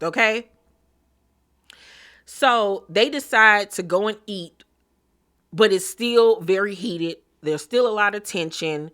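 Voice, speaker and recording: A woman's voice: medium pitch, slow pace, pauses often, fairly bright tone. A woman recapping a reality TV episode in a casual, dramatic, opinionated way, repeating words for emphasis.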